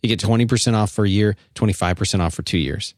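A man's voice: on the low side, fast talker, darkish tone, no echo, clean studio sound. A man hosting a call-in podcast, chatting loosely and joking, reading an ad in an offhand way. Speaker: podcast host taking calls. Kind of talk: casual call-in podcast talk.

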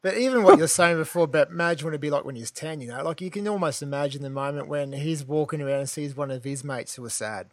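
A man's voice: a little high, quick pace, hardly any pauses. A man hosting a podcast, chatting and then giving listeners an encouraging weekly challenge. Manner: encouraging, instructive. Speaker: podcast host. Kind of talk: casual chat and wrap-up.

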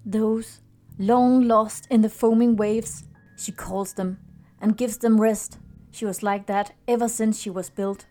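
A woman voicing an old retired male fisherman who speaks in low, ominous warnings. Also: steady tone, slow pace, warm tone, soft background music.

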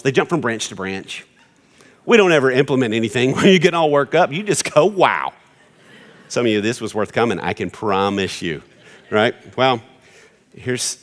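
A middle-aged man preaching a sermon, animated and joking as he acts out quotes for a church congregation. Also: on the low side. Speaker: pastor. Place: large church hall with congregation. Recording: long hall reverb.

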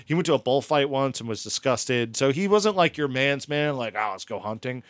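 A man's voice: mid-range voice, moderate pace, no room sound. A man telling a story animatedly in a casual podcast chat.

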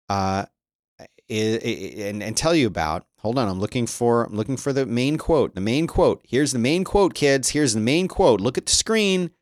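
A man's voice: mid-range voice, dry recording. Chatty middle-aged man, dry sound. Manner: chatty, reads news aloud, breaks into exasperated rants. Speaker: podcast host. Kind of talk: casual news commentary.

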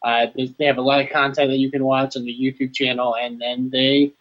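A man co-hosting a podcast in casual chat, rambling with many pauses. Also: medium pitch, level tone. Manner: rambling, lots of uh and restarts. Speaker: podcast co-host. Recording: dull lo-fi audio.

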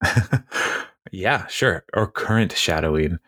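A man's voice: low-pitched, lively intonation, takes it slowly, pushed and bright, dry recording, studio quality. A man hosting a podcast in casual chat, rambling and chuckling as he retells a TV episode. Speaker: podcast host.

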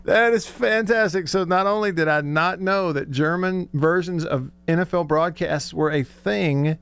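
A man hosting a sports talk radio show, telling stories excitedly and laughing often. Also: fairly high pitch, unhurried, vocal fry, smooth.

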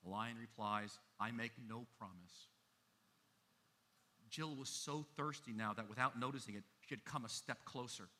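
Bright-voiced, emphatic male pastor. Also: mid-range voice, fairly quick, few pauses. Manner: emphatic, with big swings in loudness. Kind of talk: sermon.

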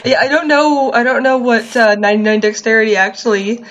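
A woman's voice: fairly high pitch, level tone, a little fast, fairly bright tone, soft background music, low-quality recording. An American woman podcast co-host, teasing and amused in casual chat.

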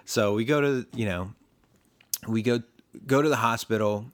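A man's voice: on the low side, moderate pace, long pauses. A man telling a story in casual podcast chat, chuckling often and rambling with lots of fillers.

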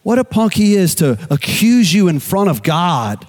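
A male pastor preaching an animated sermon, with a habit of repeating key phrases. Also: sits high, normal speed.

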